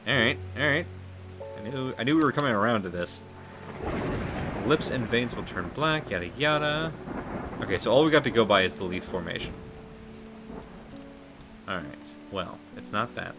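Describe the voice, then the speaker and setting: A man's voice: on the low side, expressive, brisk, pauses often, over music. A man streaming a game live, thinking aloud and asking his viewers what to do next. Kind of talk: live gameplay commentary.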